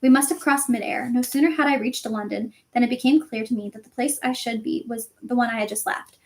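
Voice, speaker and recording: Woman reading a kindly old male wizard headmaster, calm, gently amused, voice a bit high. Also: a little fast, close to an everyday voice. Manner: calm, gentle, dry humour.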